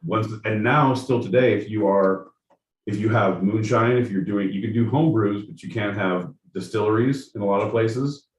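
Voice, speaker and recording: A man's voice: lowish voice, moderate pace, distant mic. A man co-hosting a podcast, talking in rowdy, profane riffs and bursts of mock voices. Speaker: podcast co-host. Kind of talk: casual chat. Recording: roomy sound from off-mic.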